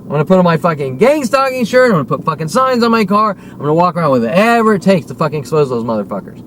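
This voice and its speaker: A high-pitched man in his forties vents in a long, furious monologue, swearing freely. He hammers his points home and keeps demanding "okay?" of an unseen audience. A soft wash of car noise sits underneath. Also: very animated, quick pace. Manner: heated, profane, repeatedly demanding "okay?". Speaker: vlogger. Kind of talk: angry ranting monologue.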